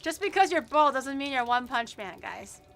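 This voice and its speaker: A woman's voice: sits high, expressive, moderate pace, a bit bright. A woman vtuber chatting casually to her chat while cooking at home, with frequent swearing and stuttered, repeated words. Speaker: vtuber streamer. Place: home kitchen.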